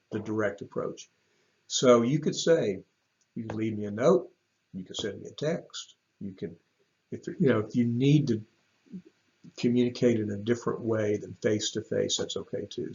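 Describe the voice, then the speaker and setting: A man's voice: on the low side, gravelly, lo-fi sound. A man from a church staff giving casual advice to parents in a video, rambling with many ums and restarts.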